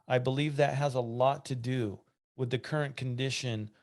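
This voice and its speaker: A man's voice: medium pitch, steady tone, normal speed. A man hosting a church podcast, reading listener questions aloud and chatting with asides. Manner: conversational, reads aloud with asides and restarts. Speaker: podcast host.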